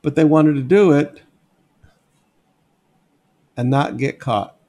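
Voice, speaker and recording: A man's voice: fairly high pitch, takes it slowly, a little mellow. A man teaching a Bible passage verse by verse in a conversational, emphatic sermon style, often stopping to point things out to listeners. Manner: conversational, emphatic, asks "notice" and "okay?"; sketches on a board while teaching. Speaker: pastor.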